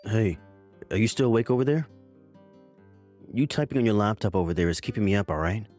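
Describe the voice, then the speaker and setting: Man voicing a defensive husband, low voice, lively pitch, placating. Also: a little fast, faint music behind, natural voice. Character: defensive, evasive husband trying to please his mother.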